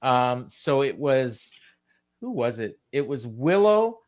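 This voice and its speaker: A man's voice: medium pitch, big pitch swings, slow, crowd noise. A man co-hosting a wrestling podcast, recapping the show in blunt, exasperated casual chat. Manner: blunt, exasperated, reads segments aloud with impressions. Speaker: podcast co-host.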